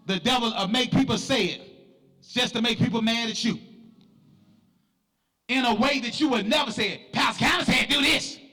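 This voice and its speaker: A middle-aged man, preaching an emphatic sermon as pastor and often shouting in a preaching cadence. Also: very high-pitched, normal speed, long pauses. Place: church sanctuary. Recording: long church reverb with faint music.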